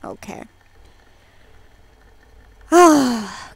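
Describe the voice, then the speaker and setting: A woman's voice: medium pitch, lively intonation, a little slow. A woman in her twenties streaming a game, reading chat lines aloud and reacting with emotional, swear-filled commentary. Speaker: let's play streamer.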